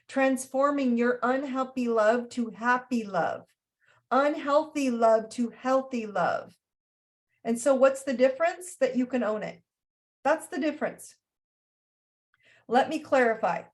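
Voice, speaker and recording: A woman hosting a spiritual astrology talk in an animated way, often slipping into playful character voices. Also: a little high. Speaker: astrology host.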